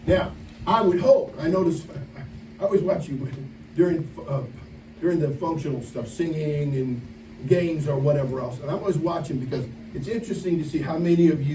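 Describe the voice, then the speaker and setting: A preacher with a high voice delivers a camp sermon in a large room at a camp meeting, speaking a little fast. He tells the story in an animated way and acts out the quoted voices. The sound is echoey with a distant mic, faint ambience and slight background noise.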